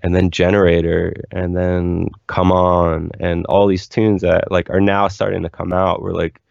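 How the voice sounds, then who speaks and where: A young man with a very deep voice and a gravelly, fry-laden texture tells his story candidly, looping through "like" fillers as he goes. The recording is dull, lo-fi and dry. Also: completely flat delivery, unhurried, a little mellow, no echo. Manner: rambling, candid, lots of "like" fillers. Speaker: musician guest. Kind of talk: casual interview storytelling.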